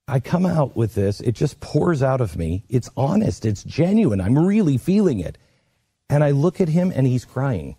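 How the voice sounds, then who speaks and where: A man's voice: mid-range voice, sing-song, moderate pace, dark tone, husky, no echo. A middle-aged man telling a personal story in an earnest, emotional way, acting out the voices of the people in it. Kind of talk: storytelling monologue.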